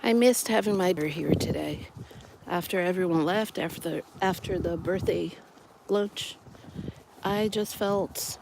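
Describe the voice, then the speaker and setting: Middle-aged person vlogging on a walk, chatty and thoughtful, mid-pitched, traffic hum in the background. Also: unhurried, creaky. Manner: chatty, reflective, with restarts. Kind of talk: casual walking vlog. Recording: noisy outdoor recording with passing vehicles.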